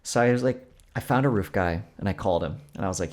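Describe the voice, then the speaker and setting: A man co-hosting a podcast, telling stories in an animated, exasperated way. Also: sits low, quick pace. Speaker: podcast co-host. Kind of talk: casual chat.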